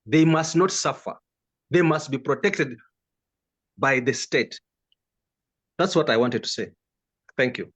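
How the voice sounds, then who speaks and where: A man's voice: mid-range voice, animated, a little slow, long pauses, fairly bright tone. A man with a Ugandan English accent giving an impassioned political commentary, driving his points home with emphatic, stacked rhetorical questions. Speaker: guest commentator.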